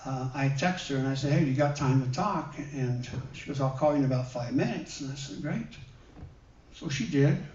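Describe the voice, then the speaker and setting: A man giving a sermon with personal stories, gentle and conversational, with many pauses and fillers. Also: medium pitch. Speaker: guest minister. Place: church hall. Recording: roomy, dull sound from a distant mic.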